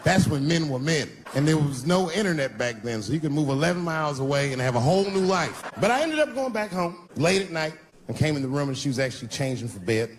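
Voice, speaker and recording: A man doing a stand-up comedy set on a theater stage. He tells his stories loosely and swings into shouts and acted-out voices. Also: fairly high pitch, very animated, fast, hardly any pauses, slight background noise.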